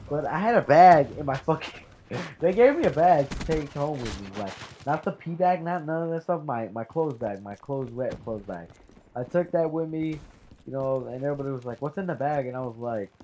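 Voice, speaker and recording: This fourteen-year-old has a mid-range voice with a dark tone, and there's slight background noise. Talking casually to camera, he rambles through an embarrassing story, swears, and calls out to his viewers as "guys."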